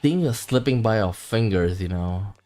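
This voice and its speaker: A male game streamer with a lowish voice that moves around a lot in pitch. He reads game text aloud and breaks off into muttered reactions. Soft game music sits faintly underneath. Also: animated, moderate pace. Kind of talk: reading game dialogue and reacting.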